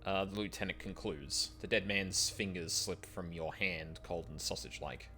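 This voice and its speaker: A man's voice: low-pitched, normal speed, bright, forceful tone, faint music behind. A man streaming a game, reading its text aloud in a wry, joking way.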